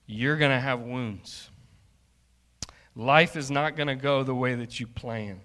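A man preaching a sermon as pastor, slow and emphatic, building in intensity. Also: medium pitch, fairly bright tone, in a large hall.

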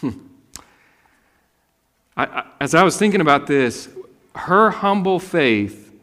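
A man in his thirties preaching a sermon, casual and animated, often jumping into high, loud voices to act out the people in his stories. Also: slow pace, pauses often, big-room sound. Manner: animated, acts out voices with sudden high pitch. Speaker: pastor.

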